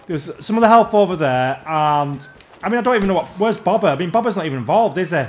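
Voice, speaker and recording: A man's voice: sits high, lively intonation, fast, a little mellow, slight background noise. A man ranting in exasperation while commentating his own gameplay. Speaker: gamer.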